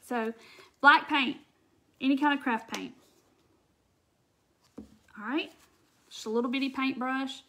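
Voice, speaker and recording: A woman's voice: sits high, steady tone, slow pace, pauses often, a bit bright. Chatty woman teaching crafts. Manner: chatty, addresses viewers directly and answers comments. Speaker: craft tutorial host. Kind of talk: live crafting demonstration.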